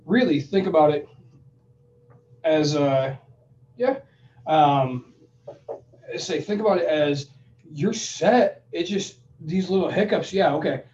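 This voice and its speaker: Fairly high in pitch, this man speaks slowly with long pauses as a co-host offering money advice in a casual chat. He acts out both sides of phone calls as an animated storyteller, and the distant-mic recording is dull, lo-fi, reverberant, and carries a little hiss or hum.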